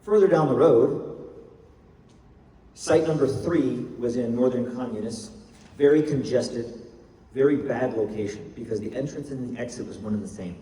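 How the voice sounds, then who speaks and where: A man's voice: mid-range voice, warm tone. Emphatic older man in an echoey hall. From United States. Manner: measured, emphatic storytelling with pauses. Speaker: speaker. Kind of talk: public talk. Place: university lecture hall. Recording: echoey hall, mic far off.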